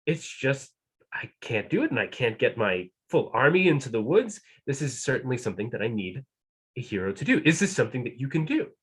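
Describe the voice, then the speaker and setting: A man's voice: medium pitch, very animated, brisk, a bit bright, breathy edge. Worried pleading king, as a man puts him on.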